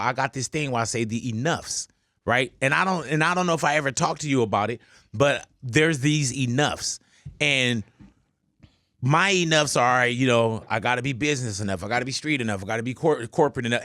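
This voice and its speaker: A man's voice: medium pitch, quick pace, bright, forceful tone, no echo, studio quality. A man hosting a casual radio interview, loose and joking, talking in slang. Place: radio studio.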